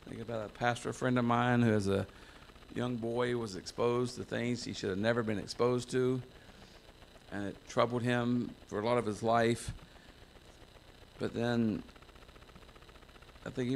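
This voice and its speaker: A man's voice: mid-range voice, steady tone, moderate pace, vocal fry, long pauses, a little hiss or hum. A man from the United States preaching a folksy, self-mocking sermon to a church congregation, wandering into asides. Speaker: pastor.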